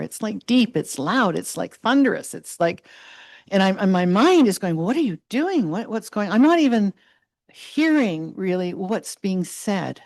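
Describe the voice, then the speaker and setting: A middle-aged woman giving an impassioned address to a community meeting, earnest and halting, rising to loud passion. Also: mid-range voice, no echo. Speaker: guest speaker.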